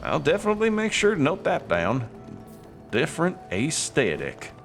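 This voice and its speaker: A man's voice: on the high side, wildly swooping pitch, moderate pace, gravelly, soft background music, voice pushed up, exaggerated voice. A man voicing a fussy, by-the-book male dungeon inspector who talks in officious reviewer patter. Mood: approving.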